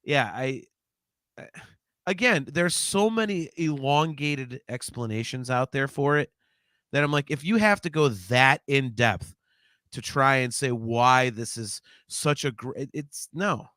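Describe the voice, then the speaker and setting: A man's voice: medium pitch, lively intonation, unhurried, sharp tone, dry recording, clean studio sound. A man co-hosting a live podcast in a casual chat, ranting animatedly with plenty of profanity. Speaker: podcast co-host.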